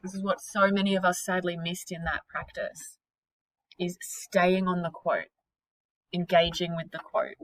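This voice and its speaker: A woman teaching a classroom lesson, speaking slowly and deliberately. Her voice sits in a middle register and is recorded close and dry, with no room sound. She questions her students energetically and drops casual slang. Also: fairly low pitch, fairly even intonation, fairly bright tone, no echo, rough recording.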